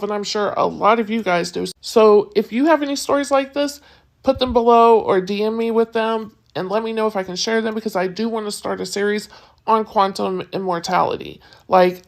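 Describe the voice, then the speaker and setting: A woman's voice: mid-range voice, normal speed. A woman creator speaking casually and directly to her viewers, chatty and eager. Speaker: social video creator.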